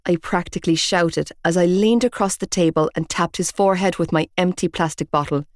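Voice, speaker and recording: A woman's voice: on the low side, steady tone, a little fast, dry recording, clean studio sound. Woman reading an audiobook with heat. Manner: emotive, heated reading. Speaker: audiobook narrator. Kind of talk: scripted first-person audiobook narration.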